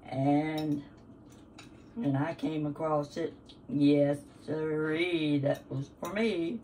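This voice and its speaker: Older woman, slow homespun chat, cooking demo, a little distant from the mic, faint kitchen clatter. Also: deep voice, dark tone, slight background noise. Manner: chatty, homespun, talks while working. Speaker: cooking show host. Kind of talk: casual cooking demonstration. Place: home kitchen. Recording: kitchen sounds, voice somewhat off-mic. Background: clinking dishes and utensils.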